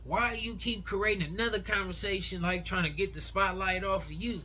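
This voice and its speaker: Brief: male reaction commentator, bright tone, slightly high, opinionated and slangy. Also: fairly even intonation, brisk. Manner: opinionated, conversational, uses slang.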